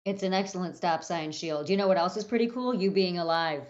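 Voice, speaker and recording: A woman's voice: lowish voice, a little fast, darkish tone, dull audio. A woman playing a tabletop game, speaking playfully and scolding another player in character. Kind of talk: casual game chat.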